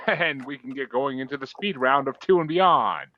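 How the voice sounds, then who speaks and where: A man's voice: mid-range voice, moderate pace, dry recording. Laid-back male podcast host, dull sound. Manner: loose, profane, moderates the votes. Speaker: podcast host running a song bracket. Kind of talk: casual podcast chat.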